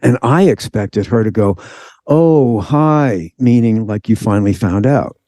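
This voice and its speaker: A man in an interview spins out a personal story with lively energy, slipping into the voices of the people he quotes. His voice is dark and mellow, and the sound is close and dry with no room around it. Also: lowish voice, moderate pace, no room sound. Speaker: guest.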